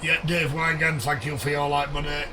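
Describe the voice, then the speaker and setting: A man live-streaming a game, greeting viewers by name in a chummy way, his voice going a little hoarse. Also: on the high side, steady tone, normal speed, far from the mic, background noise.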